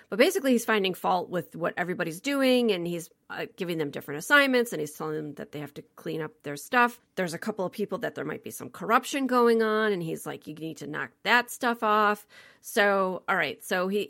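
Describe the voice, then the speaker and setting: A woman co-hosting a film podcast in casual chat, animated and laughing, with many fillers. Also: medium pitch. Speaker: podcast co-host reviewing a film.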